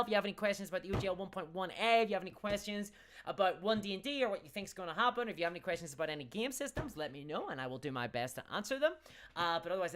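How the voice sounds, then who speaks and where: A woman with a softened Northern Irish accent, chatting casually on a livestream, reading out viewer comments with frequent restarts and laughs. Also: medium pitch, slight background noise. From Northern Ireland. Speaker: streamer.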